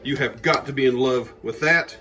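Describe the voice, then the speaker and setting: A man's voice: mid-range voice, moderate pace, pushed and bright, rough recording. A man with a Georgia accent hosting a casual cooking demonstration, joking and talking to viewers while he cooks. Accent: Southern US, Georgia. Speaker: home cook and channel host.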